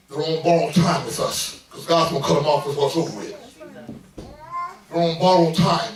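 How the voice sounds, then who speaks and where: A middle-aged man preaching a sermon as pastor, building into loud bursts and calling out to the congregation. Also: on the high side. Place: church sanctuary. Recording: echoey church from far off.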